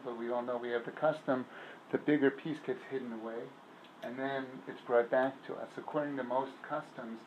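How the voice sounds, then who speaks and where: Man, rabbi, informal class, storytelling, conversational, pauses to think, faint background noise. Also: medium pitch, rough recording. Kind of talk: informal Torah class with stories. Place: synagogue.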